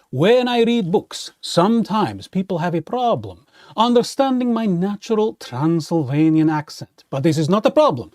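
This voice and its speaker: A man's voice: sits high, darkish tone, no echo, studio quality. Playful man hosting kids' storytime. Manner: playful, theatrical vampire host. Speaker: children's librarian playing a vampire count host. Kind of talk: storytime reading for children.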